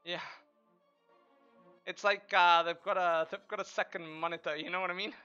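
A man streaming a game with casual, profane commentary, trash-talking and shouting during fights. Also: high voice, steady tone, clear, resonant tone, lo-fi sound, soft background music. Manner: brash, profane, quick to trash-talk. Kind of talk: live gameplay commentary.

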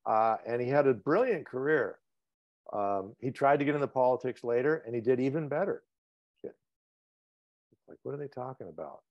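A man's voice: mid-range voice, lively intonation, normal speed, long pauses, no room sound, lo-fi sound. A man from Cambridge, Massachusetts, hosting a podcast in casual, joking chat and telling stories with swearing. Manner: joking, swearing, playful storytelling. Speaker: podcast host.

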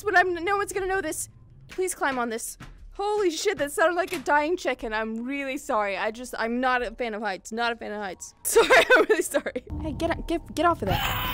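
A young woman VTuber streamer giving excitable, swearing gameplay commentary, shrieking at scares. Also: sits high, moderate pace, background noise.

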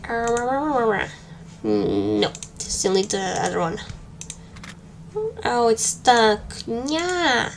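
Girl chatting thru a game, kinda high voice, jokey, typing faintly behind. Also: very animated, extremely slow, pauses often, a little hiss or hum. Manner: joking, chatty, flustered muttering. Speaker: game streamer. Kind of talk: casual let's-play commentary.

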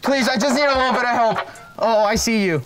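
A man seeking hiders in a game, joking, pleading and yelling mock police calls. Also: very high voice, fairly quick, music in the background. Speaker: seeker in a hide-and-seek video. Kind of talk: playful game commentary.

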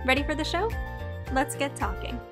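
A young adult woman hosting a podcast, reading a scripted episode in an upbeat, clearly enunciated way. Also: high voice, animated, moderate pace, music in the background. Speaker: podcast host.

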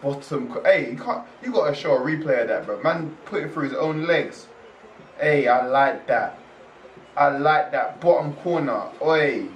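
A young man with a slightly higher voice reacts in casual, excitable commentary and keeps bursting out in slang. He sits away from the mic, so the room rings around him. Faint background noise sits under his voice. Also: moderate pace. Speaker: reaction video host. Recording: roomy echo, distant from mic.

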